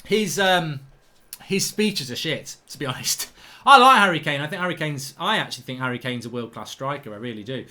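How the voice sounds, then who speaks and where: A man's voice: mid-range voice, expressive, fast, bright, forceful tone. A man hosting a live football watchalong, chatting casually, giving opinions and reading out viewer comments. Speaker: host.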